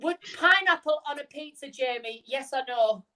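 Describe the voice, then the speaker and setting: A woman's voice: high voice, lively intonation, normal speed, pushed and bright, poor audio. A British woman co-hosting a casual live stream over a video call, cheeky and bubbly, laughing often. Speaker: co-host.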